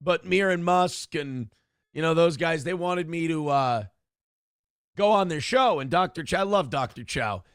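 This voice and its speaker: A man's voice: on the high side, measured pace, fairly bright tone, clean tone, no echo, studio quality. A man hosting a livestream, ranting combatively and sarcastically at his critics, mocking their voices. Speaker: livestream host.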